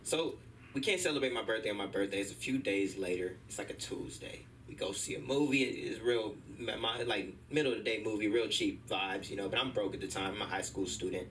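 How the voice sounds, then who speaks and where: A young man performing a stand-up set at an open mic, telling animated stories and acting out the people in them. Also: lowish voice, brisk, distant mic, a little hiss or hum, poor audio. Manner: animated storytelling, acting out voices. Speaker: stand-up comedian. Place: comedy club stage.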